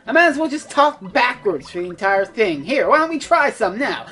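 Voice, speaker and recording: A woman's voice: fairly high pitch, sing-song, moderate pace, few pauses, fairly bright tone, soft background music. A woman doing casual let's play commentary, rambling, self-mocking and swearing freely.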